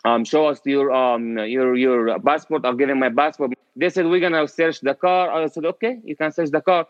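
A man's voice: medium pitch, normal speed, no echo. A man speaking English with a non-native accent, telling his own story in a hesitant way, full of fillers. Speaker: interviewee. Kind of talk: personal storytelling. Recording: dry, dull lo-fi recording.

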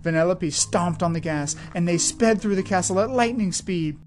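A woman narrating children's stories in an expressive, lively reading. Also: lowish voice, normal speed, faint music behind. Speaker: storyteller. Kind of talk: scripted storybook narration.

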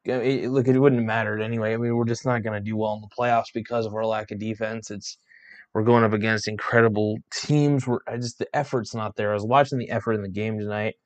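Yawning and worn out, a male sports vlogger vents his frustration about his basketball team, cursing and starting sentences over. He talks fast in a lowish voice with a flat delivery.

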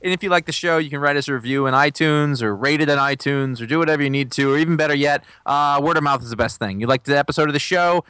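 Male podcast co-host, close dry sound, quick jokey asides. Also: mid-range voice, fairly bright tone, clear, resonant tone, no room sound. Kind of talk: casual chat.

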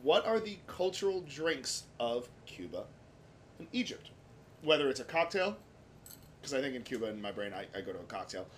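Lively, joking male podcast host. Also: mid-range voice, normal speed, a little hiss or hum. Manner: joking and profane. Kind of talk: casual interview chat.

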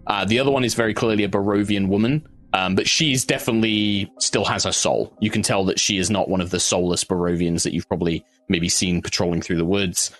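A man narrating a tabletop game as game master, meandering and halting, with many fillers and restarts. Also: sits low, a bit bright.

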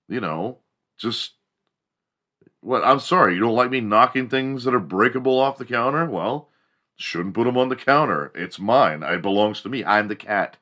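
A man's voice: mid-range voice, lively intonation, normal speed, pushed and bright. A man doing a smug, bossy house cat. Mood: dismissive. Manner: dismissive, profane. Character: smug, entitled house cat who owns everything.

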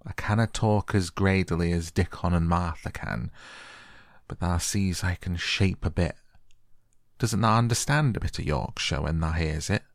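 A man voices a stubborn young girl from a storybook, speaking softly and slowly. His voice stays deep and gravelly, recorded close and dry. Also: no echo. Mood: playful.

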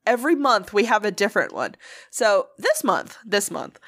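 A woman casually telling funny work stories, animated and swearing freely. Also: medium pitch, moderate pace. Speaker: podcast co-host. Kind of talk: casual storytelling chat.

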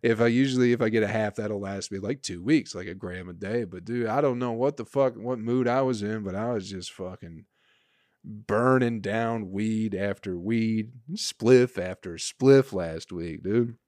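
A man's voice: fairly low pitch, a little slow, darkish tone, no room sound. Rambling, cursing man podcaster, dry sound. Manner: rambling, profane, exasperated. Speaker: podcast host. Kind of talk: casual solo podcast monologue.

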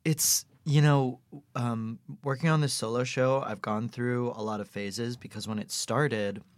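A man hosting a podcast, chatting in a warm, encouraging and reflective way. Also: mid-range voice, fairly even intonation, measured pace, no echo. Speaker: podcast host. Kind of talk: casual chat.

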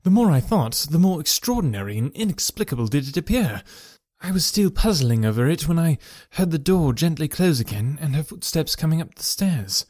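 A man giving a measured, dramatic first-person reading of a classic story. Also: on the high side, very animated, a little mellow, dry recording, clean studio sound. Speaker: narrator.

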